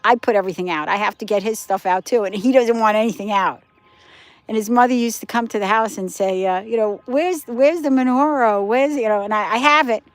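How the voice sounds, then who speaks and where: A woman's voice: medium pitch, fast talker. Older woman chatting on a livestream. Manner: rambling, chatty, answering viewer comments. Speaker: livestream host. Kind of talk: casual live-stream chat.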